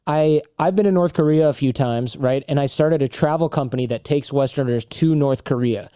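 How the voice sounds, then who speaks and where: A man in his thirties speaks at a normal speed in a medium-pitched, smooth voice, recorded at studio quality with no echo. He's a podcast guest chatting casually in an interview, telling stories with animation and acting out the quotes.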